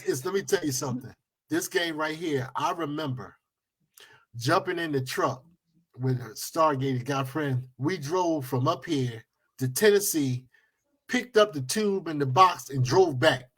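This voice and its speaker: A man telling stories as a guest in a casual chat, excitable and drawn out. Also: on the high side, a little slow, slightly rough.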